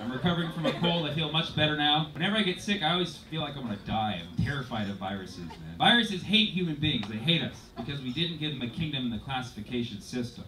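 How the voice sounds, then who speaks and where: Deadpan male stand-up comedian. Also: fairly high pitch, fast, hardly any pauses. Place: comedy club stage. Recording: noisy live club recording with crowd laughter.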